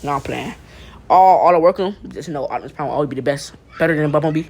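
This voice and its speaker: A young man casually spinning a fan-made story off the cuff. He stammers and restarts often, piles on profane slang and chuckles at his own asides, and his pitch sits squarely in the middle. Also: quick pace, darkish tone. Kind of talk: casual fan-fiction retelling.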